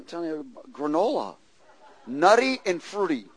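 A man preaching with fiery emphasis, his fairly high voice jumping from muttered asides to shouted peaks. He fires rhetorical questions at the congregation and mimics the people he describes. The sound is dry and close, with no room echo. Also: sing-song, normal speed, slightly rough. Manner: frequent rhetorical "Hello?" and call-and-response questions. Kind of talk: sermon.

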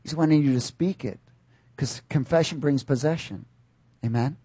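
Preaching with animated delivery, a man fires questions at his congregation and occasionally bursts out loudly. His mid-range voice has a breathy edge and moves at a moderate pace over a dry recording.

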